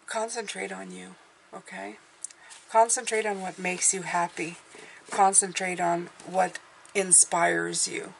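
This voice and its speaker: A woman's voice: fairly low pitch, little pitch movement, takes it slowly, gravelly, slight background noise. A woman giving an intuitive tarot reading, speaking in a meandering, hesitant way as she thinks aloud. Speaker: tarot reader.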